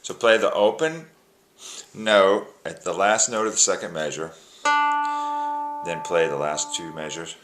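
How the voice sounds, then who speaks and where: A man with a very low voice gives a relaxed music lesson, counting the beat out loud and walking through the tune phrase by phrase. A plucked string instrument plays loudly around his talk. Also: a little slow, long pauses. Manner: counts beats aloud, breaks tunes into phrases. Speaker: music teacher. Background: plucked string instrument playing.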